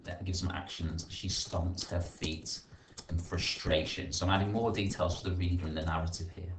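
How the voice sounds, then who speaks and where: Male teacher, very low voice, self-correcting think-aloud delivery, echoey room. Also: fairly even intonation, normal speed. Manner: thinks aloud while typing, rephrasing and correcting himself. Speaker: primary school teacher. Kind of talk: screen-recorded writing lesson, thinking aloud. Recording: echoey room with faint hiss and keyboard clicks.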